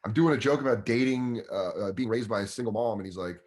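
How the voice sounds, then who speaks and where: A man's voice: mid-range voice, fast talker, a little mellow. A man, a guest comedian in his thirties, telling a casual, profane story and acting out other people's voices.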